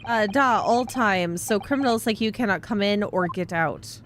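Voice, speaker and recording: A woman voicing a rude, gruff young male sailor who guards a cabin and speaks in blunt, broken English. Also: medium pitch, normal speed, a bit bright, a little hiss or hum, lightly acted.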